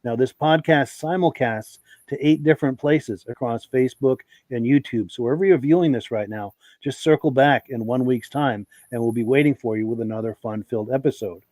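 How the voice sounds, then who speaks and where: A man hosting a live podcast with a gravelly voice and a lingering cough. He talks straight to his viewers in a friendly way. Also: mid-range voice, fairly quick, hardly any pauses, a little mellow, dry recording. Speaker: podcast host.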